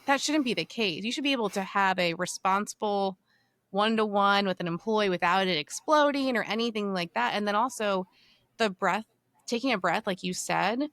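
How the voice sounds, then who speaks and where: A woman's voice: medium pitch, moderate pace, fairly bright tone, dry recording. A woman in her thirties hosting a podcast interview, talking in an emphatic, casual way. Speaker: podcast host.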